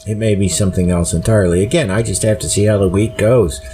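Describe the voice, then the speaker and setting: A tired man hosting a solo podcast, talking slowly and rambling with many pauses and fillers. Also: on the low side, fairly even intonation, dark tone, faint music behind. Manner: rambling, slow, full of fillers. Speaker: podcast host. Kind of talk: casual solo podcast monologue.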